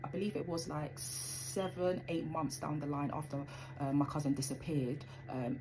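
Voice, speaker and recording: A woman's voice: low voice, moderate pace, noisy background. A young woman telling a personal story in a rambling, conversational way with plenty of fillers.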